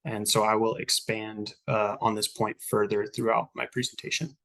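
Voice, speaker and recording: A man's voice: on the low side, flat delivery, moderate pace, creaky, a bit bright. A man giving a compliance presentation to campus staff, reading steadily with frequent filler words. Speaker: export controls compliance officer. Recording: recorded online meeting.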